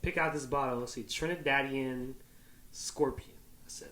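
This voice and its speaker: A man's voice: medium pitch, expressive, quick pace, a bit bright, reverberant. A man from the San Francisco Bay Area hosting a podcast, talking in a loose, profane, joking way. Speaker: podcast host. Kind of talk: casual chat.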